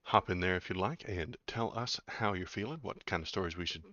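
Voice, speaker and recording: Man, political stream host, casual joking chat, deep, lo-fi mic. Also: brisk, sharp tone, no echo. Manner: joking, rambling, self-mocking. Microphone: webcam setup.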